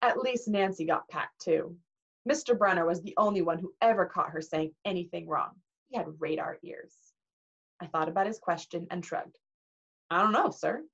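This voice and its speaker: A teacher reading a novel aloud to a class in an expressive, animated way. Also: female voice, on the low side, moderate pace, gravelly, breathy edge. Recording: dull lo-fi recording.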